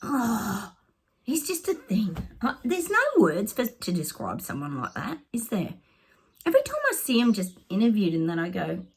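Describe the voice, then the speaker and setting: A woman talking casually to viewers as a psychic vlogger. She chats excitably while pulling oracle cards and often calls her audience "guys". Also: mid-range voice, moderate pace, slightly rough. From Australia. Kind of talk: casual oracle card reading to camera.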